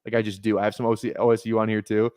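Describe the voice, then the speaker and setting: A man's voice: lowish voice, little pitch movement, racing, darkish tone, no echo. Rambling, cursing young man streaming. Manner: rambling, repeats himself, swears freely. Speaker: fantasy football streamer. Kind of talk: casual live-stream commentary.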